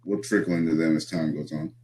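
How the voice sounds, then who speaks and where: A man's voice: rumbling low, fairly even intonation, quick pace, warm tone, slight background noise. A young man telling profane, laid-back road stories as a guest wrestler in a casual chat. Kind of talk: casual storytelling.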